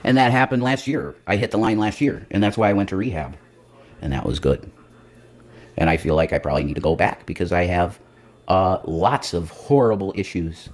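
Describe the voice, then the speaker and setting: A man's voice: deep voice, expressive, fairly quick. A man hosting a livestream, rambling casually with lots of profanity and self-mockery. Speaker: livestream host.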